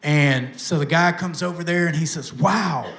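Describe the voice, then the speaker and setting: Bright-voiced man preaching testimony. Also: on the high side, normal speed. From Tennessee, USA. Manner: lively storytelling with self-mocking humor, addresses the crowd directly. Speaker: recovery pastor giving testimony. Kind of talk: live testimony talk to an audience. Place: event stage with live audience. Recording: echoey room sound.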